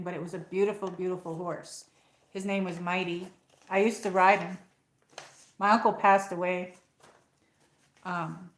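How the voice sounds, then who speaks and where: A woman's voice: mid-range voice, a bit bright, roomy sound. Chatty woman streamer, upstate New York accent. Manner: rambling, chatty, reads out viewer comments. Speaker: livestream host. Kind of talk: casual live chat.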